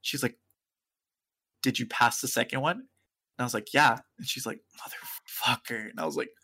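A man's voice: medium pitch, fairly quick, breathy edge. A young man, a podcast co-host, telling a story in casual chat and acting out the other people's voices. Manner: animated storyteller acting out quoted voices, laughing often.

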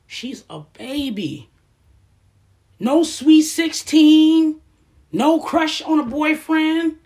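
Fired-up woman ranting, high and swooping. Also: animated, extremely slow, darkish tone. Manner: heated, blunt and profane, with rhetorical questions. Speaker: vlogger. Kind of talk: impassioned profane rant.

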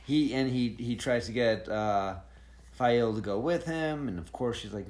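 A woman's voice: very deep voice, unhurried, darkish tone. A woman co-hosting a podcast, eagerly discussing a book, asking questions and acting out lines. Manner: eager, asks questions, acts out quotes. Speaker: podcast co-host. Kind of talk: casual book-club chat.

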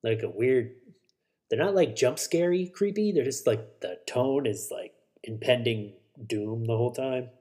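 A man's voice: mid-range voice, unhurried, mellow. A man hosting a solo podcast, rambling casually about shows and movies, swearing and correcting himself as he goes. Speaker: podcast host.

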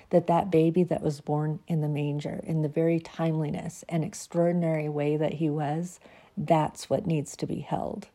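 A woman with a lowish, mellow voice reads a reflective devotional piece on her podcast, soft and unhurried. She speaks close to the mic, with a warm, gentle tone that shifts easily into casual chat with her listeners. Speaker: podcast host.

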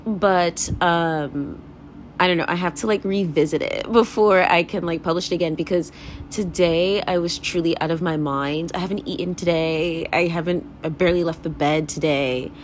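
Here a young woman runs a casual one-person podcast, speaking frankly and wandering off topic amid fillers, swearing, and laughter. Her lowish voice holds a steady tone at normal speed over faint background noise.

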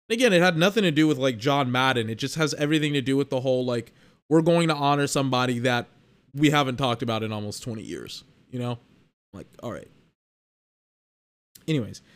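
A man's voice: fairly high pitch, clear, resonant tone. A young man hosting a sports podcast, talking in a casual, blunt monologue with exasperated, slangy rants. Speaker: podcast host.

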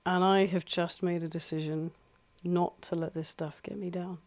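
Life coach chatting from their flat, earnest, keeps repeating the key bits, middling pitch. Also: moderate pace. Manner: earnest, conversational, repeats points for emphasis. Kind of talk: solo advice talk. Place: home flat.

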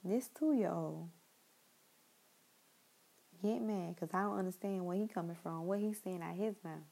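Young woman, casual monologue, mellow dark tone, rambling, talks straight to listeners. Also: lowish voice, a little slow, vocal fry, poor audio. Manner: chatty and rambling, with repeated asides to listeners.

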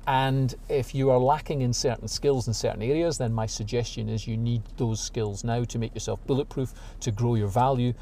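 A man's voice: medium pitch, mellow, a little hiss or hum. A man hosting a podcast, talking confidently and teasing his co-host in casual chat.

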